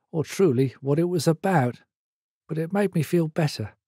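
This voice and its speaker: An older man reading his own memoir aloud in a measured storytelling manner. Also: on the high side, warm tone, slightly rough, no room sound, clean studio sound. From Britain. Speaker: memoir author.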